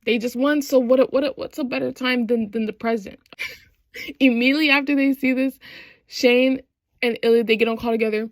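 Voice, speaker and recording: A young woman casually recapping a TV show, animated and slangy, acting out the characters' lines as she goes. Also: a little high, moderate pace, no room sound. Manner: animated, slangy retelling with quoted voices. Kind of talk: casual chat.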